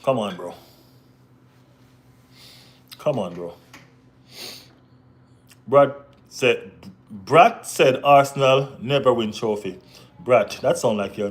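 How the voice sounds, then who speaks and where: Reading chat and replying to viewers with easygoing banter, a football live stream host keeps saying "you know what I mean". His voice is medium-pitched and a little mellow.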